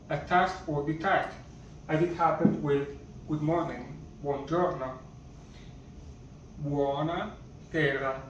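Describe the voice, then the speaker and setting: Man, language teacher, slow, repeats words, distant, dull lo-fi sound, faint hiss. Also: fairly high pitch, fairly even intonation. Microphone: camera or phone far from speaker. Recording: distant, echoey, muffled.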